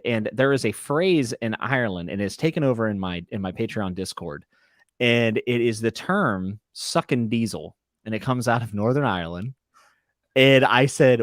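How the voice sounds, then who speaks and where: A man's voice: medium pitch, dry recording, studio quality. A man hosting a podcast, joking and bantering in a laid-back way. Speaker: podcast host. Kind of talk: casual chat.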